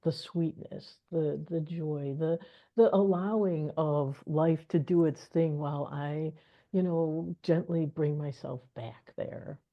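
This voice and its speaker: A woman with a low voice speaks slowly as co-host of a spiritual wealth course, keeping the talk casual. She's an animated storyteller who laughs often and acts out inner voices. The recording has a dull lo-fi sound.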